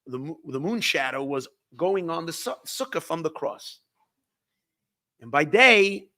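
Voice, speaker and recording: A man, a rabbi, telling a long story in a halting way, often restarting and repeating words, with Yiddish words mixed in. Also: a little high, bright, forceful tone, dry recording, clean studio sound. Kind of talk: storytelling talk.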